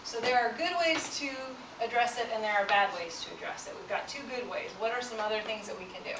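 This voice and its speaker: A woman's voice: medium pitch, fast. Woman leading a classroom workshop, echoey and distant. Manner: conversational, many "um" fillers, asks the group questions. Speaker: workshop presenter. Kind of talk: explaining a stress workshop to students. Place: university classroom. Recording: echoey room, far from mic, loud background noise.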